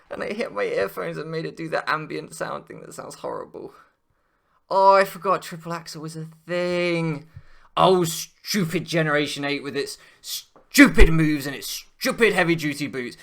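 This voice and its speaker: A man ranting over a Pokémon match, switching between quiet muttering and loud swearing outbursts. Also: fairly high pitch, expressive, unhurried, creaky. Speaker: Pokémon draft league player. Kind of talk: gaming commentary rant.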